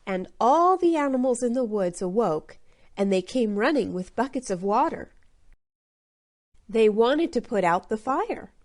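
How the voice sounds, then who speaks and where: Woman narrator, storybook audiobook for learners, fairly high voice, slow and clear. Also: a little mellow.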